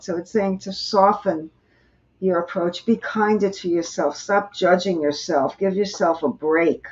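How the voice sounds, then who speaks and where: A woman reading tarot cards for a viewer on a live stream, explaining each card gently. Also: fairly low pitch. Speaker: tarot reader, host. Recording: muffled lo-fi stream audio.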